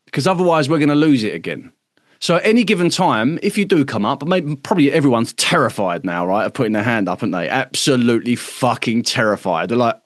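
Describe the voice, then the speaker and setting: A man's voice: medium pitch, big pitch swings, fast, no echo, clean studio sound. A man hosting an online workshop, talking casually and emphatically, with lots of swearing and tag questions like "right?". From United Kingdom. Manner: acts out other people's voices mid-talk. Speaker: workshop host. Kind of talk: casual livestream talk to members.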